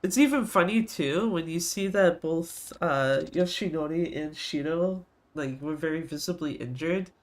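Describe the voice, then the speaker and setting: A man's voice: fairly high pitch, a little slow, hardly any pauses. Casual swearing male streamer. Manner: casual, swears, laughs at the story. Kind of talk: casual gameplay commentary and reading subtitles aloud.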